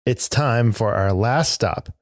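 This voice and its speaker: A male podcast host narrates from a script in a measured, earnest way. His voice sits a little low. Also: no echo, studio quality.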